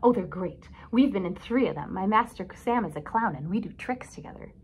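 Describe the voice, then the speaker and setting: A woman's voice: medium pitch, animated, brisk, breathy edge. A chirpy, scruffy little boy mutt from a children's story, voiced by a woman reading aloud. He chats eagerly and cheerfully, always friendly.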